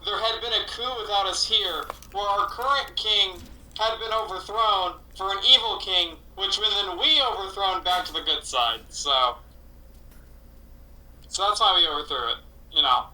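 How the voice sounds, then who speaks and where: Bright, high-voiced male player, rambling. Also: normal speed, low-quality recording. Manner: rambling, stumbling explanations. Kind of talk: casual tabletop chat.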